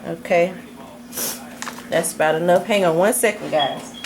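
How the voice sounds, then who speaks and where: A woman with a fairly low-pitched voice walks through a home recipe at a measured pace, keeping the tone easygoing and talkative. The casual tutorial is recorded in her kitchen, noisy with the clatter of pans and dishes.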